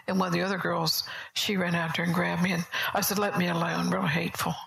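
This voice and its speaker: A woman preaching a sermon at a church service, telling stories in a conversational way, often soft and whispery. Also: fairly low pitch, little pitch movement, fast talker, creaky, low-quality recording.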